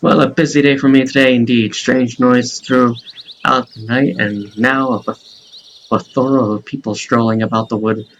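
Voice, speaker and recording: A man's voice: mid-range voice, fairly even intonation, measured pace, highs cut off, slight background noise, close to an everyday voice. A man reading the lines of a courteous male stranger from a fantasy game, with old-fashioned, formal phrasing.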